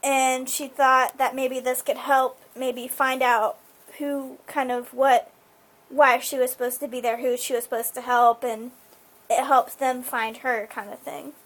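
A high-voiced woman talks through a TV episode in a loose, rambling recap. She fills her sentences with "like" and "um" as she goes. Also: level tone, measured pace. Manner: chatty, full of fillers like "like" and "um". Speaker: show recapper.

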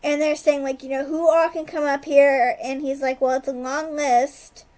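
High-voiced woman in rambling casual chat. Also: flat delivery, darkish tone. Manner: rambling retelling, heavy use of "like", quick asides. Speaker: podcast co-host recapping a TV episode.

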